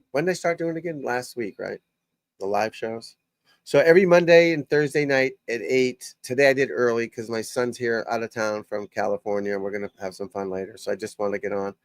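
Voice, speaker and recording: An older golf coach hosts a casual live stream, speaking bluntly and profanely as he rambles from one thought to the next. His mid-range voice is recorded with no echo.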